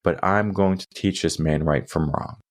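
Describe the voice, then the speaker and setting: A man voicing a wise male monk teacher who speaks in a measured, gentle but firm way while telling a story. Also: low-pitched, dry recording, studio quality, natural voice. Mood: calm firm.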